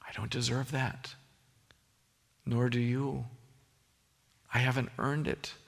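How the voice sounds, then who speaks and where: A man's voice: medium pitch, little pitch movement, slow, gravelly, big-room sound. A man preaching a sermon as pastor, earnest and emphatic, often restarting his phrases.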